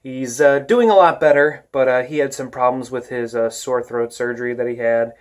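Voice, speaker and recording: A man's voice: medium pitch, steady tone, moderate pace, no room sound. Tired young man rambling into his phone. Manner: rambling, tired, many fillers and restarts. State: tired and worn out. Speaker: vlogger. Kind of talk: casual vlog talk. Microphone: phone camera.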